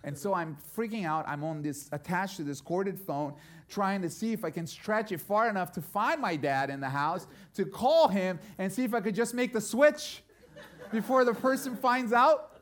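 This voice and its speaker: A middle-aged man preaching, his voice sitting on the higher side for a man. He tells stories and drops to near-quiet before building to loud, emphatic peaks. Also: lively intonation, moderate pace. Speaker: pastor. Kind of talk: sermon.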